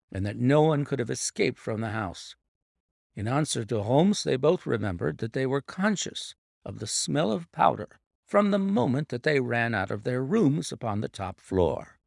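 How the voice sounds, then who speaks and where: A man narrating a classic detective story with a gravelly texture and an animated, rising-and-falling delivery. The recording is dry and close, with no room sound. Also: mid-range voice, no room sound. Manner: measured, expressive storytelling. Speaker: audiobook narrator. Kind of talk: scripted narration.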